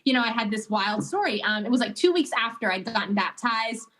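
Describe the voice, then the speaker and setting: Woman, podcast guest; lively conversational storyteller with a slightly high voice. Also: brisk. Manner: animated storytelling, lively rises in pitch when excited; conversational, many fillers like "like" and "you know". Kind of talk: casual testimony in a podcast interview.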